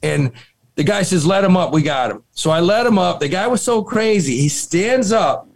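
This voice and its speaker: A man with a fairly high, lively voice tells a wild story to his co-hosts in loose, profane chat. His delivery swings up and down as he builds each beat. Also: moderate pace, gravelly. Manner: animated, swearing, laughing storyteller. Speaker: podcast co-host. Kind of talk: casual storytelling.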